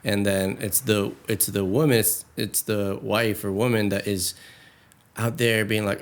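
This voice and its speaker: A young man co-hosts a podcast in casual conversation, speaking earnestly and at length at a measured pace. His voice is fairly low with little pitch movement, though he raises it when acting out quoted lines.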